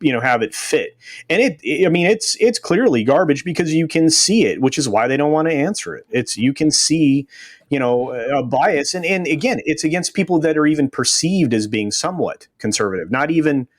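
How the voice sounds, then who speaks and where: A man's voice: on the high side, animated, no room sound. Frustrated male panelist, dry sound. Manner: frustrated, critical, halting. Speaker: roundtable panelist. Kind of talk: casual online roundtable commentary.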